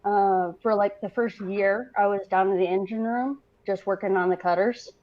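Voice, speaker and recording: A woman's voice: mid-range voice, fairly even intonation, normal speed, highs cut off. A woman in her thirties, a Coast Guard veteran, telling stories candidly in a casual interview, laughing often and swearing freely.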